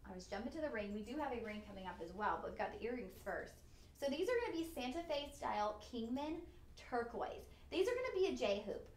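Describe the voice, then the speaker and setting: A woman's voice: on the high side, very animated, fast, slight background noise. Chatty woman selling jewelry. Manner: chatty, upbeat and goofy. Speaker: live shopping host. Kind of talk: live-stream jewelry selling. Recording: echoey studio room.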